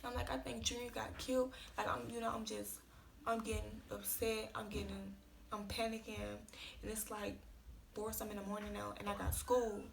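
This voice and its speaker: Gravelly young woman in an emotional storytime. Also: medium pitch, level tone, a little hiss or hum. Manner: casual slangy retelling, tearful and rushed. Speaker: vlogger.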